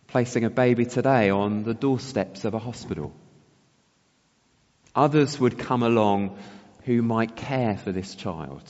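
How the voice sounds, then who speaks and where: A man's voice: medium pitch, a little mellow. A man preaching a sermon, reflective and often asking his listeners rhetorical questions. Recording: long hall reverb, dull sound.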